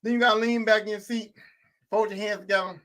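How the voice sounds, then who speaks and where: A man's voice: high-pitched, fairly even intonation, fast talker, pushed and bright. A man hosting a podcast, delivering a heated, profane sports rant full of repeated rhetorical questions. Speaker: podcast host.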